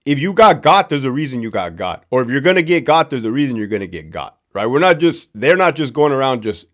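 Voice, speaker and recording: A middle-aged Southern California man, once a prison guard and now host of his own show, rants casually to camera. His mid-range voice is a bit bright and sing-song, and he talks fast. He's profane and sarcastic, repeating himself for emphasis.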